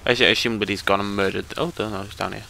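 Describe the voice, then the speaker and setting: A man's voice: on the low side, steady tone, fast, vocal fry, bright, forceful tone, slight background noise. A young British man giving chatty, joking live commentary over a game he is playing. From Britain. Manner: chatty, joking, talks to the viewers. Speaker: let's play commentator.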